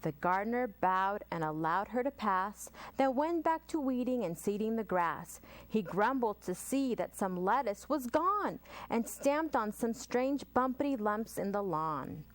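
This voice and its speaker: American lady librarian doing storytime, slow and super sing-songy. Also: medium pitch, very animated. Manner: warm sing-song read-aloud. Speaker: children's librarian. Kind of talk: storytime read-aloud.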